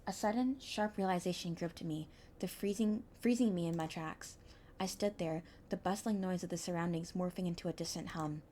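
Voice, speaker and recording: A young woman streamer reading a visual novel aloud, with expressive, anxious narration and small stumbles. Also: on the low side, normal speed, a little hiss or hum.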